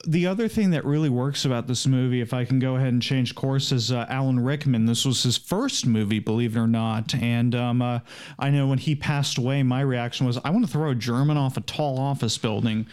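A man co-hosting a casual film podcast, wry and unhurried. His voice sits at an ordinary middle pitch, and he speaks in loose conversational phrases. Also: smooth. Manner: relaxed, chatty, wry. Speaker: podcast co-host. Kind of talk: casual movie discussion.

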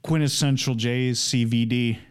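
A man co-hosting a casual film podcast, wry and unhurried. His voice sits at an ordinary middle pitch, and he speaks in loose conversational phrases. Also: clear, resonant tone. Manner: relaxed, chatty, wry. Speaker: podcast co-host. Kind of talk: casual movie discussion.

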